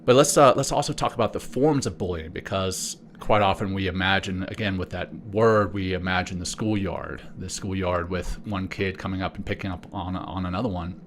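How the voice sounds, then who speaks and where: Deep-voiced man telling a story. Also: a little fast, hardly any pauses, a bit bright, a little hiss or hum. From South Africa. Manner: storytelling, conversational with restarts. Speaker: podcast co-host. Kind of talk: casual podcast chat.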